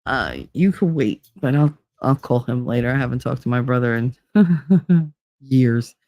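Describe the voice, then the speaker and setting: A woman's voice: rumbling low, a little slow, dry recording, dull audio. A middle-aged woman vlogging in casual chat, blunt and profane as she tells stories from home life. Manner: blunt, profane, animated storytelling.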